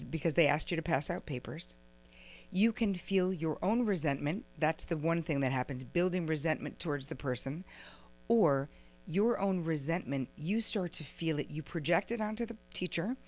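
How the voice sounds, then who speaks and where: A middle-aged woman with a notably low voice teaching a relationship workshop to a room of listeners. She talks in a chatty way, full of "like" and "right?", and slips into quick acted-out exchanges to make her points. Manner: lively, acts out little quoted exchanges; chatty, uses "like" and "right?" often. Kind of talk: workshop lecture to a live audience.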